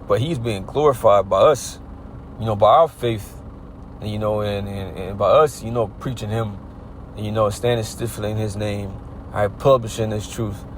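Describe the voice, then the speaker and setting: A man preaches in a loose, conversational way, leaning on "you know" and "all right" and dropping the odd curse. His voice sits somewhat low. Faint traffic and outdoor noise run underneath. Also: fairly even intonation, normal speed. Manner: casual, repetitive, peppered with "you know" and "all right", swears. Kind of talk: informal street sermon.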